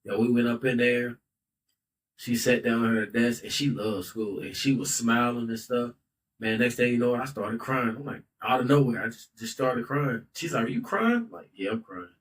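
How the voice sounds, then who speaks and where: A man in his thirties hosting a casual podcast, speaking in a loose, heartfelt way. He stays at a mid pitch and keeps dropping in "bro" and "like." His voice sits a little back from the microphone. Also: flat delivery, moderate pace, far from the mic, a little hiss or hum, poor audio. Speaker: podcast host. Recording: voice a bit off-mic.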